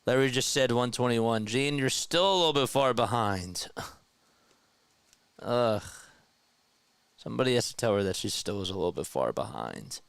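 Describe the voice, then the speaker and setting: A young man streams his own play-by-play of a baseball game and chats with viewers between pitches. His voice is smooth and clear. It sits at a middle pitch and jumps up when he gets excited. The sound is dry and close. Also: unhurried, pauses often, no room sound. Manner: chatty, answers live chat between pitch calls. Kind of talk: casual live play-by-play and chat with viewers.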